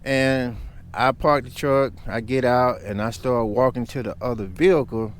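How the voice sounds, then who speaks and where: A man's voice: mid-range voice, fairly even intonation, normal speed, slight background noise. A man vlogging, telling a story in a heated, emphatic rant.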